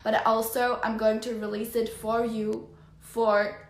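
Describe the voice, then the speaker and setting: A woman hosts a motivational live stream in a gushing, effusive manner and is quick to tears. Her voice sits fairly high. The room adds a noticeable echo. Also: little pitch movement. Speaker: life coach host.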